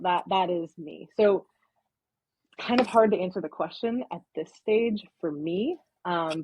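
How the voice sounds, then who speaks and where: A woman's voice: sits low, slightly rough, no echo, muffled recording. A woman, a counseling intern, talking in a casual podcast interview, explaining at length with many verbal fillers.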